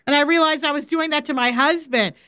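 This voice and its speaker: A high-voiced woman teaching the Bible in a relaxed live-stream way. She is animated and laughs easily, slipping into little acted-out quotes to make her points. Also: a little fast. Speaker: faith coach and Bible teacher.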